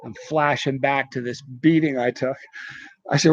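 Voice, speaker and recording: A man hosting a live stream, telling a story in a lively, laughing, casual way. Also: medium pitch, dry recording, muffled recording. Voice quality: animated, quick to laugh. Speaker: host.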